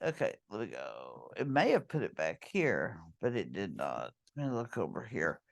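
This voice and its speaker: A woman's voice: extremely low pitch, huge pitch swings, moderate pace, gravelly. A woman teacher walking students through an online note-card tool, chatty and full of ums and self-corrections. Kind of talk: screen-recorded lesson walkthrough.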